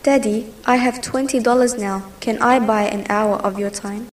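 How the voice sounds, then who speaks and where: Small eager boy in a storybook, pitched up, played by a woman; distant mic. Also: steady tone, a little fast, lightly acted. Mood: pleading. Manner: eager, pleading. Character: pleading five-year-old boy. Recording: distant mic, faint background noise.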